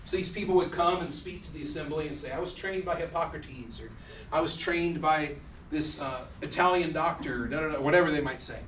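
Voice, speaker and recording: A man lecturing a class with a fairly high voice, loose and joking, slipping into little voices for the people he quotes. He is picked up from across an echoey lecture hall, with faint noise behind him. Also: recorded from a distance. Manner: casual, joking, acts out quoted speakers. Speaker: university lecturer.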